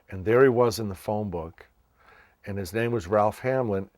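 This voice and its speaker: A man's voice: lowish voice, moderate pace, soft background music. A man from Massachusetts, a children's entertainer, casually telling his life story and acting out the voices of people he met. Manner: animated, acts out quoted voices.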